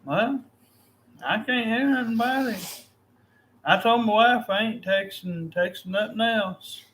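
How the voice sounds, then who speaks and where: A man's voice: high voice, unhurried, fairly bright tone, a little hiss or hum. A weary, fed-up man in a casual, angry rant, swearing constantly as he complains. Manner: angry, profane ranting.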